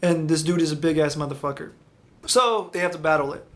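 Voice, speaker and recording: A man's voice: fairly high pitch, fairly quick. A man casually recapping an anime episode, rambling with lots of fillers, swearing and correcting himself as he goes.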